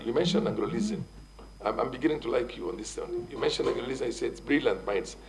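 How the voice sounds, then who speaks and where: A man's voice: medium pitch, creaky, a little mellow, a little hiss or hum, low-quality recording. A man with a Kenyan English accent, a committee member pressing a nominee with formal, repeated questions.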